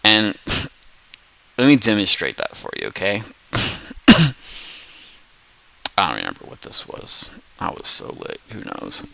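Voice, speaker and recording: Slow, coughing man explaining his experiment. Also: fairly low pitch, huge pitch swings, sharp tone, low-quality recording. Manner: coughs and clears throat often; adds playful beep-boop sound effects. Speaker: hobbyist science video host. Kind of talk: rambling casual explanation.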